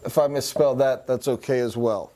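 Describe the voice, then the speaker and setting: A man teaching a sales training class in a conversational way, sometimes putting on voices and accents to make a point, and pausing to write on a board. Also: medium pitch, fairly even intonation, mellow, a little hiss or hum. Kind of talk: recorded training lecture.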